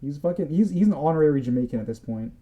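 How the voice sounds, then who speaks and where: A man's voice: a little high, animated, very fast, warm tone. A man co-hosting a casual livestream chat, joking and teasing in a loose, rambling way. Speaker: podcast co-host.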